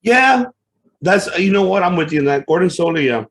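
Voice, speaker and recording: A man's voice: high voice, animated, brisk, fairly bright tone. A man co-hosting a casual wrestling podcast, easygoing and agreeable in his replies. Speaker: podcast co-host.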